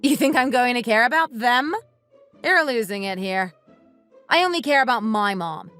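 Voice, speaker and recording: A woman's voice: a little high, animated, normal speed, a bit bright, clean tone, faint music behind. A woman voicing a bitter, resentful wife who bluntly accuses her husband and wants a divorce. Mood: accusing. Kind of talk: text-message story dramatization.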